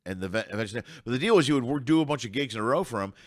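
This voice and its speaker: A man's voice: medium pitch, animated, very fast, no room sound, clean studio sound. A middle-aged man who works as a comedian, telling rambling road stories in casual chat and swearing freely. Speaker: comedian guest.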